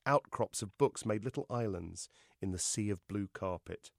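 A man, the author, reading his novel aloud in an expressive, wry manner. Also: on the low side, normal speed, vocal fry, dry recording, studio quality.

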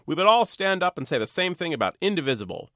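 Male reader voicing an overeager middle-aged postman, emphatic to near shouting, dry close sound. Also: fairly high pitch, very animated, quick pace, dry recording, pitched above the performer's own voice.

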